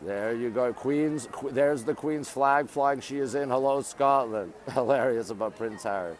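On monument steps in a busy city, a Canadian host streams from his handheld phone, welcoming viewers and chatting through their comments as he reads them. His voice is medium-pitched and unhurried.

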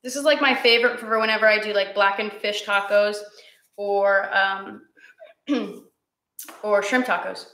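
A woman's voice: mid-range voice, fairly even intonation, measured pace, long pauses, pushed and bright, echoey room. A young woman hosting a live-streamed cooking class, chatty and encouraging with her viewers, teary and sniffly from cutting onions.

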